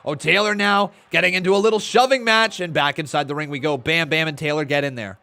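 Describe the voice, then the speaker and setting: A man's voice: fairly high pitch, fairly even intonation, fast, bright, forceful tone. A man in his twenties chatting on a live stream, reading chat aloud and calling play-by-play, a little tired and yawning. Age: 20s. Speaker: watch-along streamer.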